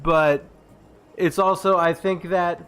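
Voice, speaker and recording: A man's voice: sits high, steady tone, slow, fairly bright tone, clear, resonant tone. A young man chatting casually with a friend, with a dry delivery that sounds sarcastic. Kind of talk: casual chat.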